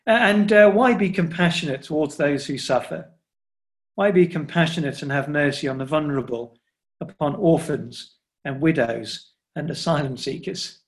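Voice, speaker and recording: A man's voice: fairly high pitch, moderate pace. Earnest man preaching a sermon. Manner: earnest, voices Jesus speaking directly to listeners. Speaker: pastor.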